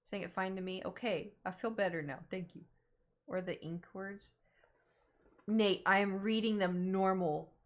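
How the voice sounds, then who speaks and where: A woman's voice: medium pitch, steady tone, measured pace. A young woman with a slight Southern American accent, streaming games and chatting casually, fretting over how she pronounces words. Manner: chatty, self-conscious about her pronunciation. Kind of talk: casual gaming stream chat.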